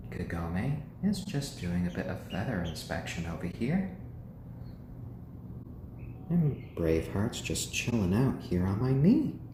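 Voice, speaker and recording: A man hosting a casual home live stream, gently cooing to his pet chickens and chatting with viewers. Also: fairly low pitch, very animated, measured pace, roomy sound, noisy background. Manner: chatty, answers viewers' comments.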